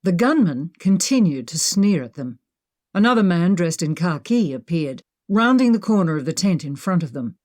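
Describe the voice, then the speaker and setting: A woman narrating an adventure audiobook in a steady, clear storytelling voice. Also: fairly low pitch, moderate pace. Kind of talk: scripted narration.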